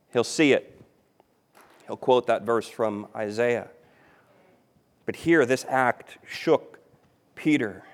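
Here a pastor with a lowish voice delivers an emphatic sermon, going back over key phrases as he alternates between loud emphasis and quiet moments.

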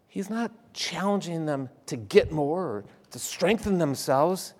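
A man preaching a sermon to his congregation, moving between loud emphasis and hushed asides. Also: a little high, expressive, measured pace. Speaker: pastor.

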